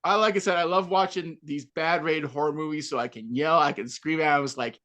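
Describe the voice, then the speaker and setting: A woman co-hosting a podcast, telling stories in an animated, sarcastic way during a casual panel chat. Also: deep voice, a little fast, few pauses. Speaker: podcast co-host.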